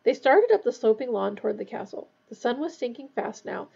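A woman reading a novel aloud in a steady storytelling voice, adding brief asides of her own. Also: on the high side, fairly quick, vocal fry, breathy edge, highs cut off. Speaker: reader.

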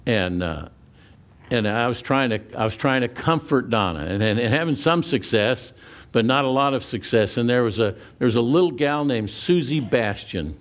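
A man preaching a sermon as pastor, telling personal stories with many restarts and repeated words, and slowing down for emphasis. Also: medium pitch, expressive.

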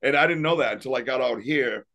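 A man's voice: mid-range voice, fast, sharp tone. A man and paranormal investigator telling stories in a casual interview, rambling and laughing often. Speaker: paranormal investigator and podcast guest.

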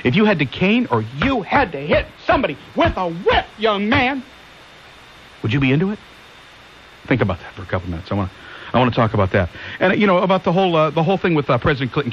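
A man's voice: fairly high pitch, sing-song, fast. A man hosting a conservative call-in talk radio show who rambles and keeps asking listeners rhetorical questions. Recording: hissy lo-fi 1990s AM radio.

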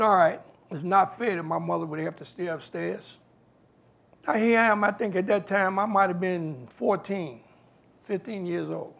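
High in pitch and marked by vocal fry, the voice belongs to a man from New York speaking as a guest. His talk is made of animated personal stories in which he acts out other people's voices.

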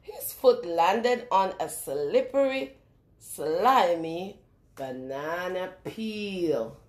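A woman reading a picture book aloud to young children in a lively sing-song way, stopping often to ask them questions. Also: on the low side, very slow, reverberant. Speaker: children's storyteller.

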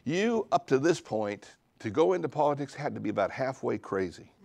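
In a church sanctuary, a middle-aged pastor preaches with big pitch swings and a fairly quick, gravelly delivery, with no room sound. The charismatic sermon shifts from low asides to loud declarations, punctuated by humorous jabs.

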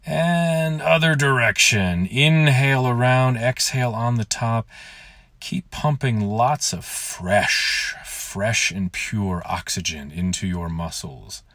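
A man leading a gentle morning yoga class outdoors, giving calm, soothing instructions. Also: medium pitch, takes it slowly, dry recording, clean studio sound.

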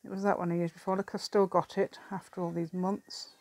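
A woman's voice: on the low side, little pitch movement, fairly quick, a little mellow, no echo. A middle-aged woman with an English accent chats casually while crafting at her table, rambling, thinking aloud and often laughing. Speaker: craft vlogger. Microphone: camera on the table.

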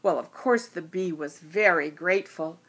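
A woman telling a children's story, a storyteller with a gentle, animated way of speaking. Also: lowish voice, moderate pace, slightly rough.

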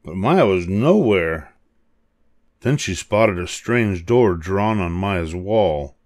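An older man reading a children's picture book aloud, expressive and animated. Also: deep voice, slow pace, no echo, clean studio sound. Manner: expressive, animated voices for characters. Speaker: storybook reader.

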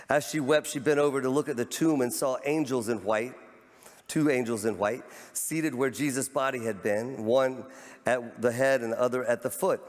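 Fervent male pastor in an echoing sanctuary. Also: mid-range voice. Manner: fervent, repeats words, rises to near shouts. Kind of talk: sermon. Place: large church sanctuary. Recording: long church hall reverb.

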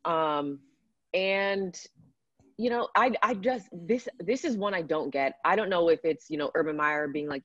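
A woman's voice: fairly low pitch, a little slow, no echo, highs cut off. A woman on a sports panel giving blunt, exasperated opinions over a remote connection. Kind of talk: panel discussion.

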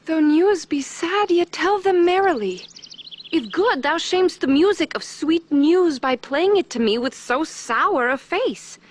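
A woman's voice: extremely high pitch, measured pace, slight background noise. A woman playing Juliet, eager young girl. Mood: pleading. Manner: pleading, swings from hushed to excited. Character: impatient lovestruck teenage girl Juliet.

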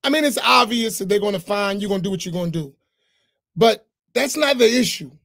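Firm, insistent imam. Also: male voice, high voice, fairly quick, vocal fry, pushed and bright. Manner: firm, insistent, reasoning step by step. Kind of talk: online roundtable discussion.

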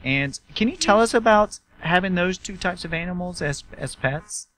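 Southern us guy hosting a talk show, bright punchy voice, chatty and excited. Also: sits high, moderate pace. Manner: enthusiastic, chatty. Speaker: host.

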